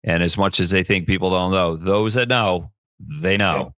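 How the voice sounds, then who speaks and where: A man with a fairly low voice hosts an interview, recorded dry and close with no room echo. He chats easily, chiming in to affirm his guest and reading out details plainly. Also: moderate pace, sharp tone. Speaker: podcast host. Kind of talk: casual interview chat.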